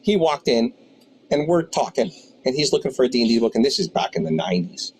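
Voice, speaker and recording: A man's voice: mid-range voice, very animated, fast, darkish tone, slight background noise, low-quality recording. A man in his fifties who owns a tabletop game shop, telling rambling anecdotes with many restarts in an interview. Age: 50s. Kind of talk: storytelling interview.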